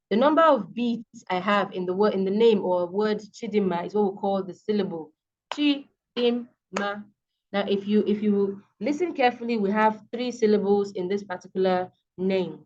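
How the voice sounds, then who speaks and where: A woman's voice: mid-range voice, darkish tone. A woman with a Nigerian accent teaching an English lesson, patiently repeating words to show stress and checking in with "okay". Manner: frequent fillers and checks with okay. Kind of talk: online class lecture. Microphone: video call. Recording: dull lo-fi video call audio.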